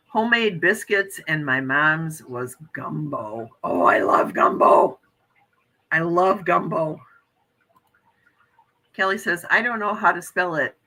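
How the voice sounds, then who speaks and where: A woman's voice: fairly low pitch, pushed and bright, rough recording. A woman in her fifties hosting a casual morning livestream chat, reading out viewer comments and gushing with frequent exclamations. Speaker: livestream host.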